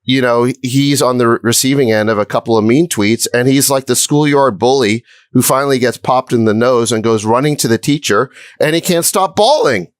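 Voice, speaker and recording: A man's voice: mid-range voice, moderate pace, hardly any pauses, no room sound, clean studio sound. A middle-aged man co-hosting a podcast, needling and mocking his fellow host. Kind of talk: podcast argument.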